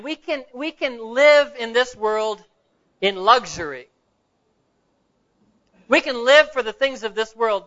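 A man's voice: sits high, bright, forceful tone. A male pastor preaching a sermon in a church, telling stories and putting rhetorical questions to the congregation, on a dull lo-fi recording.

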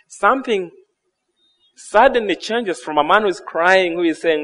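A man preaching a sermon, reading scripture aloud and explaining it in an expressive way. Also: on the high side, moderate pace.

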